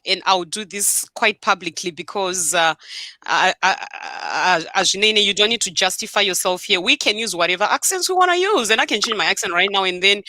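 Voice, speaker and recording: A woman's voice: medium pitch, pushed and bright, no echo. A woman hosting a live online show over a video call, speaking firmly to her viewers and mixing Shona into her English. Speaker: host.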